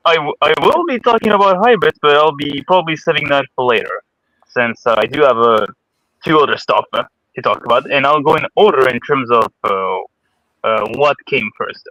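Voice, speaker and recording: A man's voice: mid-range voice, brisk, pushed and bright, dry recording, dull audio. A man in a casual stream chat, talking hesitantly with many fillers. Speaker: stream guest.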